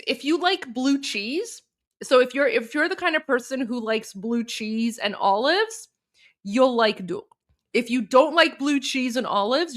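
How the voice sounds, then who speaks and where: A woman's voice: high-pitched, a bit bright. A woman hosting a live stream, talking casually with lots of fillers, restarts and repeated phrases. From Iran. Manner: chatty, repeats herself, many fillers and restarts. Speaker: political commentator and live stream host.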